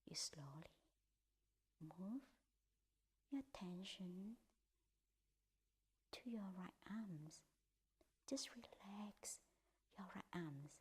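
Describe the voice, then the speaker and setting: A woman meditation teacher guiding a body scan at a very unhurried pace. Her voice is soft and gentle and often drops to a half-whisper. The tone is breathy and a little husky, and she repeats simple instructions. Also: medium pitch, animated. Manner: simple, repetitive phrasing. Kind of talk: guided meditation.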